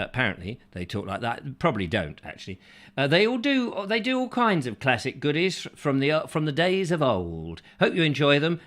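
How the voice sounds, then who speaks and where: A man's voice: a little high, fairly bright tone. A man hosting a casual live-stream chat show, greeting viewers and joking around in a playful manner. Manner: playful, jokey, drifting into silly voices. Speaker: host.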